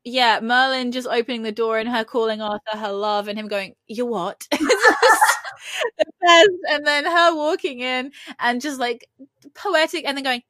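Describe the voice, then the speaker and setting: A woman's voice: high-pitched, normal speed, no room sound. Giggly woman with a dry close sound. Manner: giggly, animated, acts out quoted lines. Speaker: podcast co-host. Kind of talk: casual chat about a TV episode.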